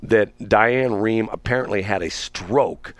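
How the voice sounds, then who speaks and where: Middle-aged male radio host, low voice, dry studio sound, chatty and laughing. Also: a little slow, dry recording. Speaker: radio talk show host. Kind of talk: casual radio banter.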